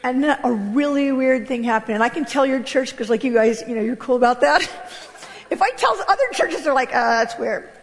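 Woman, high voice, animated and candid church testimony, long hall reverb. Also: normal speed. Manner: animated, candid, laughing often. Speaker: guest speaker giving testimony.

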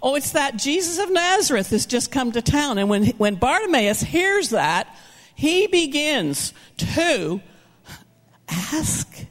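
A woman's voice: high-pitched, slow pace. Woman preaching animatedly in a reverberant hall. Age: older. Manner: animated, acts out characters with shouts and whispers. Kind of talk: sermon storytelling.

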